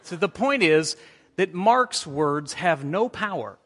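This pastor has a fairly high, slightly bright voice and takes his time, speaking expressively. He reads scripture and engages his congregation during a sermon, with the sanctuary's reverb audible on the recording.

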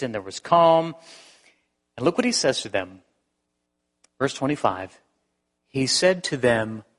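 A man's voice: medium pitch, a bit bright. A male pastor preaching a sermon in a conversational way, restarting phrases and firing rhetorical questions. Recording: long hall reverb.

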